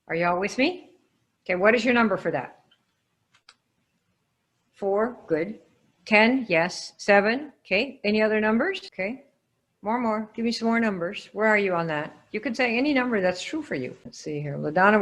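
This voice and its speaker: A woman teaching sales in a live online coaching session, quizzing her audience and calling on listeners by name with lively energy. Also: mid-range voice. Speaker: sales trainer.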